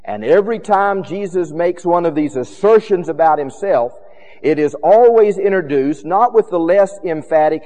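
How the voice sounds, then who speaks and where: A man preaching a sermon with emphatic, rhythmic repetition, his loudness rising and falling widely. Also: a little high, lively intonation, moderate pace, in a large hall.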